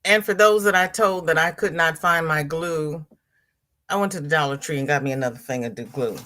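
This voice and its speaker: A woman hosts a casual livestream from home, reading viewers' comments aloud and answering them chattily. Her voice is deep, brisk, pushed and bright.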